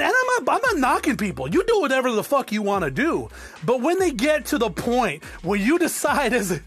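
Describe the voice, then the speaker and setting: A podcast host who also owns a business delivers a blunt, profane solo monologue in a medium-pitched voice with a breathy edge. He frequently checks in with the listener by asking "okay?".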